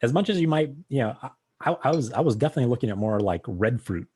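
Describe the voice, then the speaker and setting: A man hosting a casual virtual wine tasting over a video call, relaxed and rambling, with many fillers and restarts. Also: mid-range voice, fast, husky.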